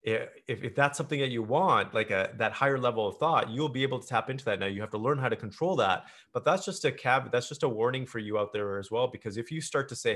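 A man in the middle of a casual podcast chat, speaking at an ordinary mid-range pitch. He addresses the listeners directly, earnest and advising. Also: fast, hardly any pauses, fairly bright tone. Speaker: podcast host.

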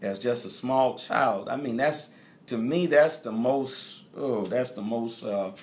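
A man's voice: mid-range voice, slow. Emphatic middle-aged male preacher. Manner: emphatic, repeats key phrases; speaks directly to the congregation. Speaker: bishop. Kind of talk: teaching sermon.

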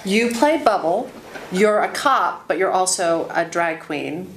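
Playful female interviewer, low-ish voice, teasing jokes, roomy backstage sound. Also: lively intonation, takes it slowly, a little hiss or hum. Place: theatre dressing room. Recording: roomy, faint ambience.

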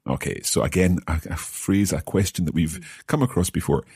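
A man's voice: low-pitched, normal speed, a little mellow, breathy edge, no echo, clean studio sound. A Scottish man co-hosting a podcast language lesson as the learner, often hesitating and repeating words while he thinks. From Scotland.

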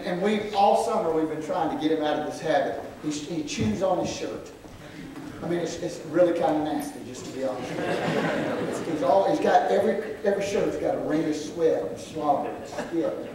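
In a church sanctuary, a man preaches a sermon that swells into emphatic shouts and then drops to quiet asides, punctuated by cries of "well, glory." The recording is echoey and distant from the mic, with the congregation audible calling out amens.

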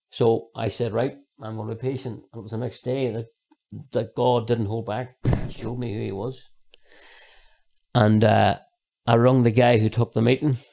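A man's voice: medium pitch, creaky, darkish tone. A man giving a personal faith testimony as a podcast guest, rambling earnestly with many fillers. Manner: earnest storytelling.

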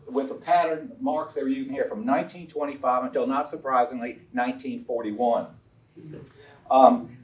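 A man giving an illustrated lecture on a historical collection, chatty and anecdotal, with frequent ums and uhs. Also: mid-range voice. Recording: roomy sound from a distant mic.

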